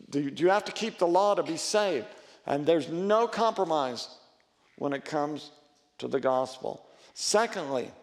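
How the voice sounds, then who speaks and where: A man's voice: fairly high pitch, big-room sound. A male pastor preaching a sermon in an earnest, conversational way, often restarting and rising in emphasis.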